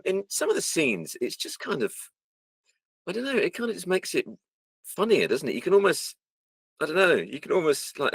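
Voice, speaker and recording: A man's voice: mid-range voice, no room sound. A man and voice actor, chatting about his work and acting out lines as he talks, recorded close and dry. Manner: animated storyteller, acts out lines. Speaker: voice actor guest. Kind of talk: casual interview chat.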